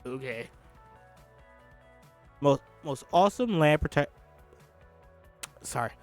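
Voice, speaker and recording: A man's voice: mid-range voice, expressive, measured pace, vocal fry, long pauses, soft background music. Chatty, swearing man reading a script. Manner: chatty and profane, stumbles over words. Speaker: host. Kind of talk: casual script read-through with commentary.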